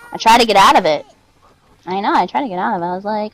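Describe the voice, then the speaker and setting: A woman reading a children's story aloud, animated and playful, chatting between pages. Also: mid-range voice, fast talker, no echo, low-quality recording.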